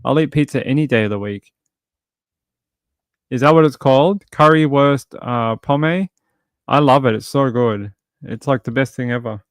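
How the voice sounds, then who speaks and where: A man's voice: mid-range voice, normal speed, pauses often, no echo, clean studio sound. A male livestream host in casual late-night chat, reading viewer comments aloud and rambling with jokey asides. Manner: chatty and rambling, many fillers and restarts.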